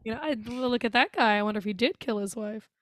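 A woman with a fairly high voice co-hosts a podcast in loose, casual chat. She gets animated, swears freely and acts out movie lines in quick little voices. The sound is dry and close, with no room around her. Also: no echo. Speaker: podcast co-host.

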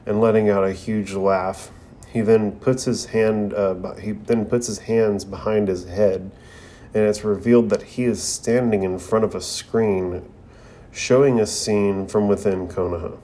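A man's voice: fairly low pitch, steady tone, measured pace, dark tone. A young man casually recapping an anime episode, reading the characters' lines aloud in his own voice with loose fillers and slang. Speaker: anime reviewer.

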